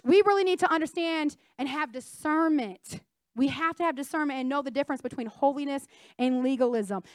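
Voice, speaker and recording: High-voiced woman preaching with emphasis. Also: no echo, clean studio sound. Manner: emphatic, call-and-response, questions to the congregation. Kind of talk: sermon.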